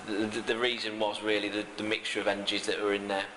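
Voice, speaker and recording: A man speaking as a medium on a ghost hunt, halting and fervent, with many restarts. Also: lowish voice, completely flat delivery, big-room sound, background noise. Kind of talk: emotional first-person reflection.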